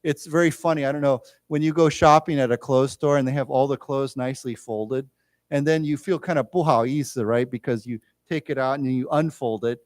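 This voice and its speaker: A man teaching an English vocabulary lesson in a library lecture room. He explains each word slowly and leads the class in repeating it. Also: mid-range voice, steady tone, no room sound, studio quality.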